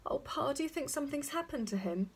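A woman's voice: high voice, expressive, fast, voice pushed up. A woman doing an anxious mother hedgehog. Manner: anxious, pleading.

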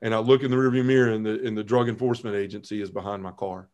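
A man in his forties, guesting on a podcast, tells his conversion story earnestly and animatedly, acting out his past self. His voice is lowish and rapid-fire, and the audio sounds dull.

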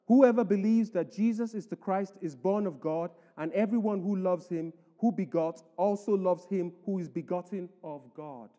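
Guy preaching in a church, pretty high voice, mellow tone, emphatic, echoey hall. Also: normal speed, hardly any pauses, muffled recording. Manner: emphatic preaching, reads scripture aloud. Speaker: pastor. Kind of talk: sermon.

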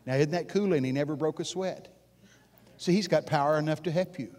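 A preacher with a fairly high voice delivers a sermon at a live conference. He is folksy and animated, dropping into hushed asides and then rising to loud exclamations. He keeps pulling the crowd in with direct questions. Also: fairly quick. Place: live conference session before an audience.

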